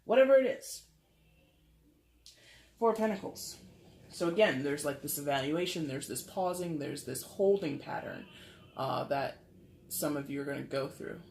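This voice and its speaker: A woman's voice: sits low, lively intonation, moderate pace, gravelly, pauses often, darkish tone, a little hiss or hum. A woman giving a casual tarot reading to camera, talking in a rambling, chatty way with lots of filler words. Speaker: tarot reader. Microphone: camera mic. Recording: roomy echo.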